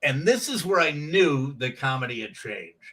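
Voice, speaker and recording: Bright-voiced man telling stand-up stories. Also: mid-range voice, moderate pace, recorded from a distance, poor audio. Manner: animated storyteller, acts out quoted voices. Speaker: comedian guest. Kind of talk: casual storytelling.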